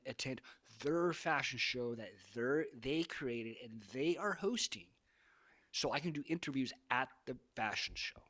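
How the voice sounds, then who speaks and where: A man's voice: mid-range voice, fairly bright tone. Brief: man, dating-advice vlogger, emphatic and preachy, mid-range voice, repeats himself. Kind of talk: casual advice monologue.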